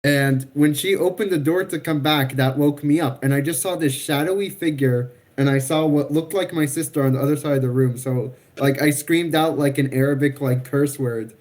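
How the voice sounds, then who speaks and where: Self-deprecating man with a slightly high voice. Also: moderate pace, few pauses, darkish tone. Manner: self-deprecating, laughs while talking. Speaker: let's-play podcast cohost. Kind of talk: casual chat.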